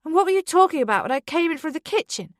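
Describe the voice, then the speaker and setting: A woman's voice: on the high side, lively intonation, normal speed, darkish tone, no echo, studio quality, lightly acted. A woman narrator voicing a tipsy, upset wife who argues in a heated, slurred, defensive way. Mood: drunk, angry. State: drunk.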